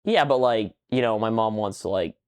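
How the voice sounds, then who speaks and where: A young man co-hosting a podcast, telling a rambling story in casual chat, swearing a lot and getting animated as he retells it. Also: fairly low pitch, moderate pace, clean tone. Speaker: podcast co-host.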